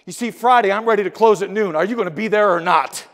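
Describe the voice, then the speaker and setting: A middle-aged man giving an energetic motivational keynote speech in a large conference hall, telling stories and acting out the dialogue. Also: high voice, fast talker. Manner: energetic, storytelling with acted-out dialogue. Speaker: keynote speaker. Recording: long hall reverb.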